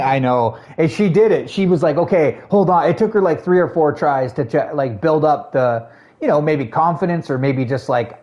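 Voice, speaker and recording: A man with a fairly high-pitched, darkish voice streams a video game while casually chatting with his viewers. He's chatty and relaxed, greeting them, answering their messages, and laughing often.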